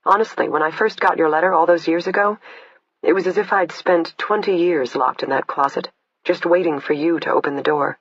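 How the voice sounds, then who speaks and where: A man voicing a measured, clinical woman. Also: on the high side, breathy edge. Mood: resolved. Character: calm, composed woman who feels no pain. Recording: dull lo-fi, dry.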